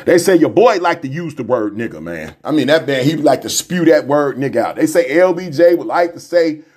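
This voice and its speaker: A man's voice: fairly high pitch, sing-song, a little fast, darkish tone, slightly rough. A man hosting a radio show, reading a text aloud and commenting on it in a preachy way, repeating lines and calling out to his listeners. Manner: repeats lines, calls out to listeners with "y'all", "family" and "brothers and sisters".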